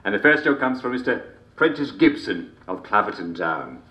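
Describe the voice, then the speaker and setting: An actor playing a jovial, sinister English comedy show host in a video game, theatrical and chuckling constantly between jokes. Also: male voice, lowish voice, big pitch swings, normal speed, pushed and bright, dull audio. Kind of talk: scripted video game character performance. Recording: roomy echo.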